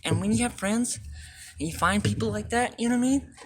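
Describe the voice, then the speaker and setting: A woman's voice: on the high side, fairly quick, slight background noise. A woman vlogger rambling through casual, profane stories, laughing often. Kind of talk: casual storytelling.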